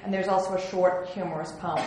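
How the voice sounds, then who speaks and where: A woman's voice: fairly low pitch, fairly even intonation, brisk, a little mellow. Woman lecturer, wry and chatty, full of ums; very reverberant hall with a faint hiss. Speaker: museum curator giving an illustrated lecture. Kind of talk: slide lecture on historical prints. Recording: very echoey room with faint hiss.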